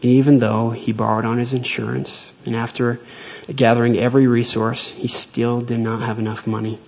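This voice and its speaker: Male speaker for a devotional talk, husky voice with a gravelly edge, measured and earnest storytelling. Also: mid-range voice, level tone, a little mellow, poor audio. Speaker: speaker retelling a faith story.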